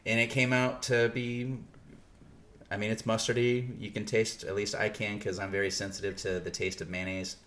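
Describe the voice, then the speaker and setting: A podcast co-host in North Carolina chats casually, explaining things in detail. His voice is lowish, level and slightly bright, at a moderate pace, with a little hiss or hum in the audio.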